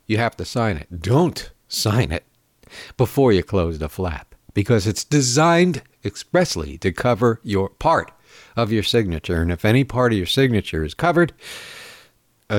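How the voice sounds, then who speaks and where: A man hosting a show, ranting in sarcastic, indignant political commentary with frequent filler pauses. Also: on the low side, dry recording, clean studio sound. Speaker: podcast host.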